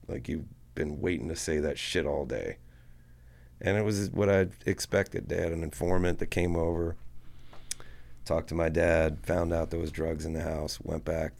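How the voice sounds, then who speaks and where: A man telling a story to a podcast host in a casual, profane, animated way, acting out what people said. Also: rumbling low, creaky. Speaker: guest musician.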